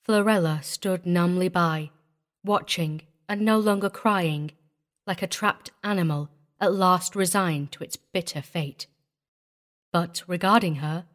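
Woman reading a weird tale. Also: lowish voice. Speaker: audiobook reader. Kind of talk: scripted story narration.

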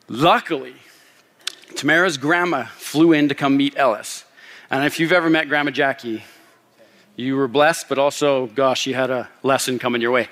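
A man in his thirties preaching a sermon in a church, telling a story in an animated way and laughing often. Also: mid-range voice. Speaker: pastor. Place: church sanctuary. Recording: long hall reverb.

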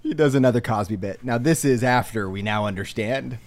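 A man's voice: mid-range voice, brisk. A man hosting a podcast, talking casually and earnestly with some fillers. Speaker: podcast host. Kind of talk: casual chat.

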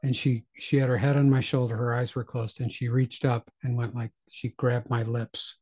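A middle-aged man with a husky, slightly breathy voice talks in a loose, chatty way as a podcast co-host. He jokes about himself and keeps the conversation rolling. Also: mid-range voice, little pitch movement, moderate pace, a little mellow. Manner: chatty, joking, self-deprecating. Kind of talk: casual chat.

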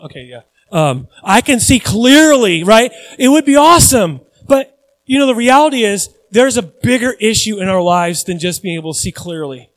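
High-voiced animated male pastor. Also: no echo, rough recording. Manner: animated, acts out Bible characters' lines; self-deprecating asides with restarts. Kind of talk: sermon.

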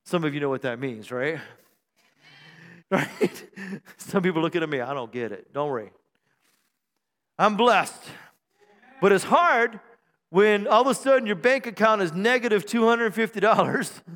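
A high-voiced male pastor preaches in a conversational, joking style, calling out to the congregation for responses. His voice rings with long reverb in the church sanctuary. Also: a little slow, long pauses, fairly bright tone. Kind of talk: sermon.

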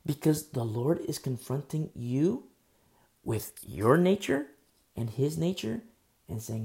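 A man's voice: fairly high pitch, lively intonation, slow, vocal fry, mellow. A man preaching a conversational sermon, emphatic and full of rhetorical questions.

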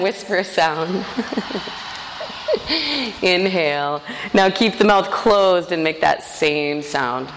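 A woman leading a live yoga class, guiding movement and counting breaths aloud in a relaxed way with frequent fillers. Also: low-pitched, in a large hall, a little hiss or hum, poor audio. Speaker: yoga teacher. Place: yoga studio with a class present.

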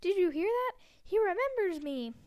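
A woman voicing an excitable, fussy male wizard who gushes in a shrill, loud voice. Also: measured pace, clean tone, close to an everyday voice. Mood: thrilled. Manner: shrill, gushing.

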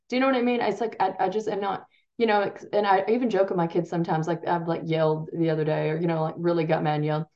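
A woman's voice: fairly low pitch, darkish tone. Chatty woman parenting coach, dull lo-fi sound. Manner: rambling, self-interrupting, laughs at herself. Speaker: parenting coach and podcast guest. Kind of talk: casual conversational interview.

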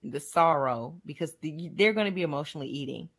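Low-voiced woman riffing wry jokes. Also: lively intonation, brisk. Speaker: comedian guest. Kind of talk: casual chat.

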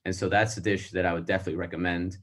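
Deep-voiced young man from Spain. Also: level tone, very fast. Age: young adult. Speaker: guest. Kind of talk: casual interview chat.

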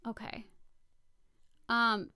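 A woman co-hosting a podcast, chatting casually through a word game, giggling and quickly correcting herself. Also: a little high, monotone, bright, forceful tone, clean tone, no echo, clean studio sound. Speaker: podcast co-host.

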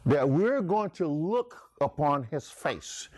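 A man's voice: a little high, big pitch swings, slow, a little mellow, no room sound. A man preaching a sermon, emphatic, calling out listeners by name. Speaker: pastor.

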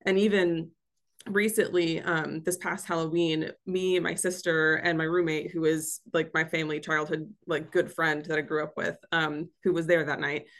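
A woman's voice: sits low, flat delivery, normal speed, fairly bright tone. A woman guest telling a family story in a casual, chatty way with many fillers. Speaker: history center staff guest.

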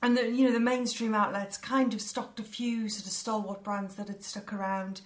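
A woman co-hosts a relaxed podcast chat, talking through history in a loose, meandering way. She fills her sentences with "you know" and "um" and restarts them as she goes. Her voice sits at an ordinary middle pitch. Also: moderate pace. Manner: chatty, explains history with fillers and restarts. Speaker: podcast co-host. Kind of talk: casual chat.

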